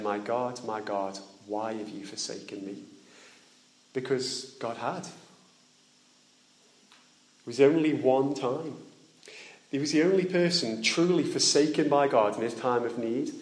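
A man preaching a sermon in a church, his voice ringing in the room. He talks plainly, at an everyday middle pitch, and often turns to his listeners with direct questions. On the weightiest points he sinks soft and low. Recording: echoey room.

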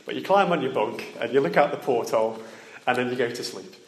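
A man preaches a little fast in an echoey room, with a slight hiss or hum on the recording. He uses plain words, questions his listeners directly, and lowers his voice softly for the solemn moments.

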